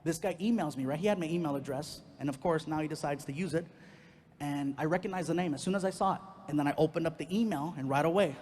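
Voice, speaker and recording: Brief: a lively male comic telling a family story, high-pitched and expressive. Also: fast, big-room sound, slight background noise. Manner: animated, swings into loud outbursts, lots of character voices. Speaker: stand-up comedian. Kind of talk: stand-up storytelling.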